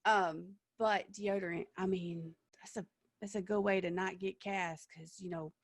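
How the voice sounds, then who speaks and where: A woman theatre director talks through audition tips in an informal online workshop, encouraging and full of fillers. Her voice sits mid-pitch and is picked up dry and close on a video call. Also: fairly even intonation, measured pace, dry recording. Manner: chatty and encouraging, frequent fillers and laughs.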